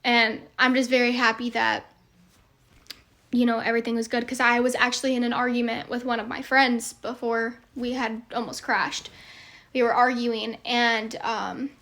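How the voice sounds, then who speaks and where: Young woman creator, high-set voice, little melody, earnest rambling talk to followers. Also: little pitch movement, normal speed, fairly bright tone. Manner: earnest, rambling with many fillers. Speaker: social media creator. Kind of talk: heartfelt monologue to followers.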